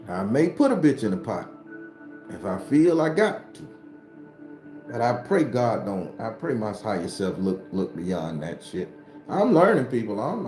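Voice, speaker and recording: A man hosts a spiritual livestream, talking bluntly and profanely in a preachy, casual way. His voice is mellow and dark. It echoes around a roomy space, with faint music underneath. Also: medium pitch. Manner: blunt, profane, preachy, addresses viewers by name.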